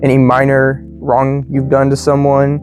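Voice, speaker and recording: An American man teaching English in a relaxed, slangy way, full of "you know" and "like". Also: mid-range voice, unhurried. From United States. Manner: laid-back, slangy, many fillers like "you know" and "like". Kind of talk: casual explanatory lesson. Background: faint guitar music.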